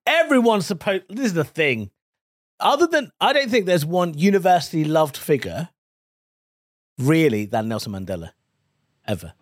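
A man's voice: on the high side, sing-song, normal speed, pauses often, dry recording, studio quality. A man co-hosting a comedy podcast in casual, bantering chat, swearing freely. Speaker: podcast co-host.

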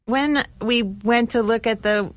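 A woman's voice: fairly high pitch, unhurried, dry recording. A woman from New Jersey, a guest chatting in a laid-back way and telling stories. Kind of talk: casual storytelling.

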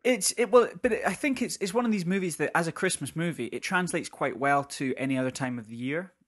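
A man co-hosting a podcast in casual chat, with a slight lisp from tooth pain and a habit of laughing and quick asides. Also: on the high side. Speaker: podcast co-host.

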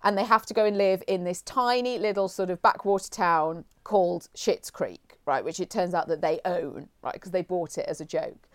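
A woman's voice: lowish voice, normal speed, few pauses. A woman co-hosting a podcast, chatting enthusiastically and recommending things with frequent restarts. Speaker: podcast co-host. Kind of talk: casual chat.

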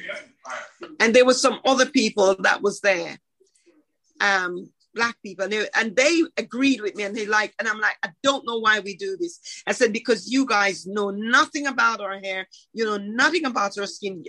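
Animated woman telling a shop story. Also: medium pitch, rough recording. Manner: animated, acts out dialogue. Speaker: shop owner. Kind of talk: storytelling interview.

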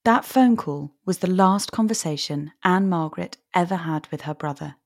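A woman giving measured, sombre scripted narration as a podcast narrator. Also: fairly low pitch, no room sound, studio quality. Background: soft music.

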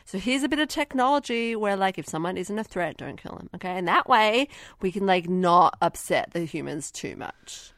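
A woman co-hosts a casual movie review podcast in an expressive, mid-range, fairly bright voice at a moderate pace, recorded cleanly in a studio with no room sound. She's sarcastic, swears, and acts out characters in silly voices.

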